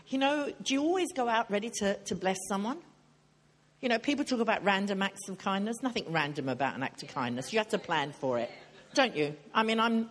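Older female preacher, conversational and humorous, draws the audience in. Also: medium pitch. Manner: chatty, joking, questions the audience. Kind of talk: sermon.

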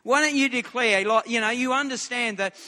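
Male preacher, earnest, high bright voice, stammers on restarts, reverberant hall. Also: fairly quick. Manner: earnest, repeats words when starting a thought. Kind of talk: sermon.

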